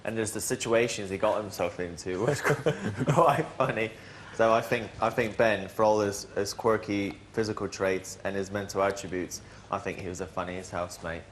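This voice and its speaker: A man's voice: on the low side, a little fast, hardly any pauses, slight background noise. Chatty young man. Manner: rambling, animated storytelling with restarts. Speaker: reality show housemate. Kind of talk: casual chat.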